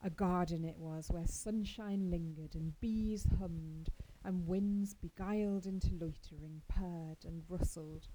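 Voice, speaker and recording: A woman narrating a classic story in a measured, expressive storytelling manner. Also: fairly low pitch, slight background noise, poor audio. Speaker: audiobook narrator. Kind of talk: scripted narration.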